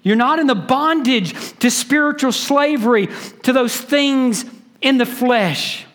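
A pastor preaching a sermon, stressing words by repeating them and switching between quick and slow delivery. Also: very high-pitched, a bit bright.

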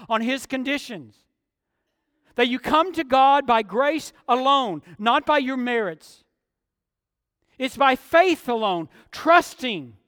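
A male pastor delivers an emphatic sermon in a strikingly high voice, leaning hard on key words and slipping into quieter asides. The mic sits close and dry, yet a long reverb trails off through the sanctuary.

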